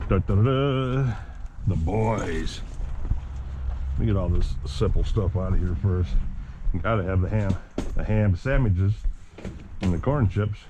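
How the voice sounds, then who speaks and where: A man's voice: deep voice, unhurried, pauses often. Chatty man packing up for an outing. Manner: chatty, jokey, talks to viewers as guys and boys. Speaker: RC hobby vlogger. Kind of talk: casual vlog chat to camera while packing gear. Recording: dull lo-fi audio with clear background noise.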